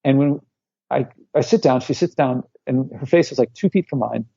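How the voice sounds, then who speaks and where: Gravelly man in his forties, lo-fi. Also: medium pitch, moderate pace, no room sound. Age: 40s. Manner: animated storyteller who acts out quotes. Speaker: guest, author and professor. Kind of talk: conversational interview storytelling. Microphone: remote call line.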